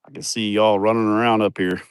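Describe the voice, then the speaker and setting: A man rambles through a crude, joking tour of his farm. His voice sits a bit low, and the sound is dry and close. He talks casually into a phone camera outdoors. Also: flat delivery, a little fast, smooth, no echo. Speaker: vlogger showing his farm. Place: outdoors on rural farmland.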